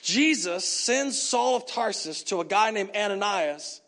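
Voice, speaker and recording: A man preaching a sermon as pastor, telling the story in an animated way and acting out the characters. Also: high voice, a little slow.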